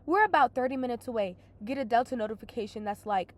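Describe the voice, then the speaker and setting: A young woman venting through a casual storytelling rant, exasperated and swearing a lot, her voice hoarse from crying. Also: fairly high pitch, fast talker. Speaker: vlogger.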